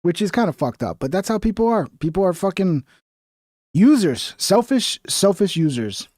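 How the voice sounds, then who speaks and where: A man's voice: sits high, big pitch swings, fairly quick, darkish tone, no echo, clean studio sound. A man hosting a livestream, reacting to video clips in a casual, mocking way and swearing freely. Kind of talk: casual profane reaction commentary.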